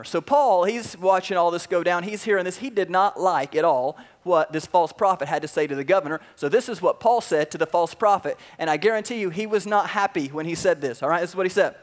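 A man pastor preaching a sermon, telling a story in a casual, animated way with everyday slang. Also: fairly high pitch, a little fast.

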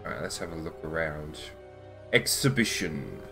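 A man's voice: a bass voice, sing-song, normal speed, vocal fry, music in the background. A man casually commenting while playing a video game, reading notes aloud and laughing. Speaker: gaming channel host. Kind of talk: casual let's play commentary.

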